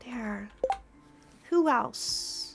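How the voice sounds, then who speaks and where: A woman's voice: on the high side, animated, extremely slow, vocal fry, background noise. A woman streaming a farming game from home, chatting playfully with her viewers and the game's characters. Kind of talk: casual gameplay chat with viewers.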